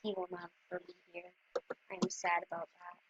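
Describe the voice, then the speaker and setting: A woman's voice: fairly low pitch, completely flat delivery, normal speed, husky. A woman chatting to her viewers in rambling, casual gameplay commentary. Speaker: gameplay video creator. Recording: dull lo-fi dry recording.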